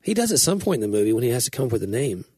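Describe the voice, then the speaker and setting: A man's voice: mid-range voice, sing-song, rapid-fire, warm tone, slightly rough, no echo, studio quality. A man co-hosting a casual comedic chat, wry and self-mocking. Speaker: podcast co-host.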